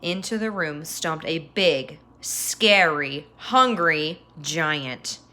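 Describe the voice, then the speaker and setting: A woman reading a children's story aloud with expressive delivery and sound effects. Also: sits low, very slow.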